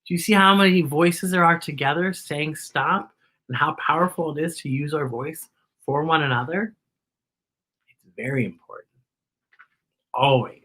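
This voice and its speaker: Bright-voiced woman reading to children. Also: deep voice, normal speed, pauses often. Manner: expressive, speaks to children directly. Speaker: children's story host. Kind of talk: read-aloud storytelling for children.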